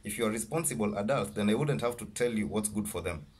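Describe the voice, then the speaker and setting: A man doing a cold deadpan bearded stranger. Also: fairly low pitch, quick pace, husky. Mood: warning. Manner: flat, cold delivery.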